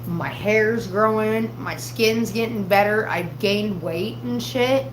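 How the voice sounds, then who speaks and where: A woman's voice: mid-range voice, slow pace, a little hiss or hum. A woman hosting a livestream, telling a story in a casual, profane, rambling way. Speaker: livestream host. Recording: roomy echo.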